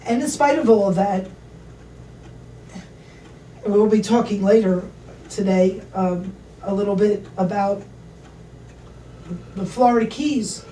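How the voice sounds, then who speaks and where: A woman telling a travel anecdote to an audience in a lively, chatty way. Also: medium pitch, slow, long pauses, distant mic, slight background noise. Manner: animated, chatty anecdotal storytelling. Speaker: travel expert speaker. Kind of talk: casual storytelling to an audience. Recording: echoey room, voice from off mic, faint ambience.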